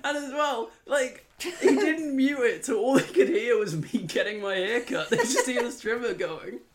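A young man co-hosting a podcast, telling comic anecdotes in a casual, animated way, often laughing and imitating other people in a lower voice. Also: moderate pace, slight background noise. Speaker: podcast co-host. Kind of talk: casual comedic storytelling.

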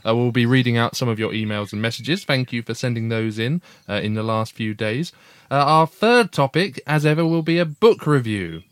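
A man's voice: mid-range voice, animated, normal speed, clean tone, no echo. Male podcast co-host, playful dad, hesitant fillers, casual chat. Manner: playful, teasing, with many "uh"s and restarts. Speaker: podcast co-host with his young daughter.

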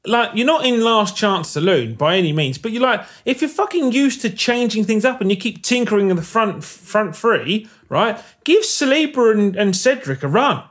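High-voiced sweary football fan. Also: male voice, sing-song, normal speed, hardly any pauses, fairly bright tone. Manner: blunt, sweary, number-heavy opinions. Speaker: football podcast co-host. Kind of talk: casual football chat.

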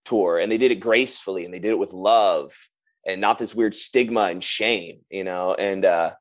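A man, a touring drummer, chatting casually and telling lively stories, acting out what others said. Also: sits low, normal speed. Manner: animated storyteller, acts out quotes. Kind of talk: casual chat.

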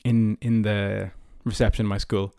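A man's voice: lowish voice, flat delivery, moderate pace, gravelly, dark tone, smooth, dry recording. Chatty young Irish man, dry sound. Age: early 20s. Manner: chatty, many fillers like "like" and "you know". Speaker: podcast host. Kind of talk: casual personal storytelling.

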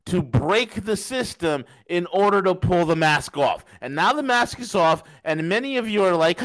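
A man's voice: high voice, animated, moderate pace, few pauses, a bit bright. A man hosting a political podcast, ranting angrily with profanity and repeating himself. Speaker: podcast host. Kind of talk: angry political monologue.

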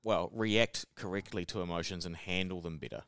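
A man with a New Zealand accent co-hosting a podcast, in relaxed casual chat, chiming in with short agreements. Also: deep voice, brisk, clear, resonant tone, no echo, studio quality. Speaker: podcast co-host.

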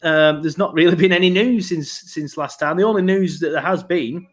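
A man hosting a football podcast in loose, rambling chat. His voice sits a little high for a man, and his talk is full of fillers and restarts. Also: normal speed. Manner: chatty, rambling, lots of fillers. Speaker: podcast host.

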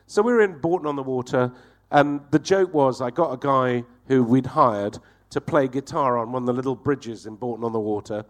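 A man's voice: medium pitch, a little fast. A man telling a swearing, laughing anecdote as a guest. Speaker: guest comedian. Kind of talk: storytelling anecdote.

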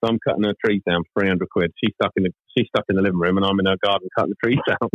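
A man's voice: low voice, very fast, no echo, lo-fi sound. A man, co-hosting a podcast and telling a funny story in casual, swear-filled chat. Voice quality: sweary, animated anecdote-telling. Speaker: podcast co-host.

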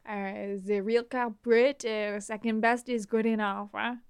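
A woman doing a slow, brooding train conductor. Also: a little high, level tone, clear, resonant tone. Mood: musing. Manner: slow, drawn-out delivery.

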